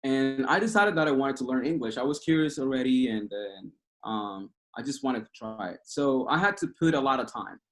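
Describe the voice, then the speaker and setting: Speaking as a guest on a relaxed video call, this man in his thirties from Cuba has a Cuban Spanish accent and is a native Spanish speaker. His mid-range voice is expressive and slightly bright, at a moderate pace. He talks casually and with passion, rambling and restarting as he goes.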